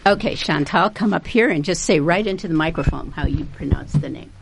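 Gravelly low-voiced woman hosting a radio show. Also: background noise. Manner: halting, self-deprecating, chuckles often. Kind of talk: unscripted studio talk introducing guests.

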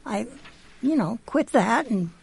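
A woman's voice: on the high side, animated, takes it slowly, vocal fry, a little mellow, husky. A woman, a guest poet, giving brief, offhand answers on a radio show.

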